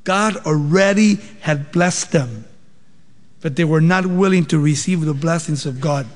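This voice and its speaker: Male pastor, sermon, fairly high voice, expository with rhetorical questions, long hall reverb. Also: unhurried.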